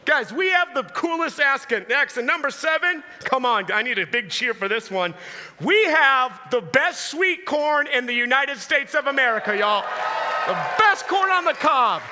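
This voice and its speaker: A man from Minnesota, a traveling preacher, doing an energetic comedic bit and calling out to a live crowd. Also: extremely high pitch, moderate pace, a little hiss or hum. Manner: energetic, hyped-up, calls out to the crowd. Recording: long hall reverb.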